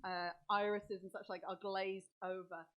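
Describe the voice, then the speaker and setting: A woman's voice: mid-range voice, level tone, normal speed, a bit bright. A woman narrating as dungeon master, describing scenes vividly and talking through the rules aloud. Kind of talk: narrating a tabletop game.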